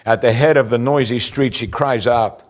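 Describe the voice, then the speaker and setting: Preaching from the pulpit, a man reads scripture unhurriedly as pastor, his voice rising lively in pitch as he drives his points home.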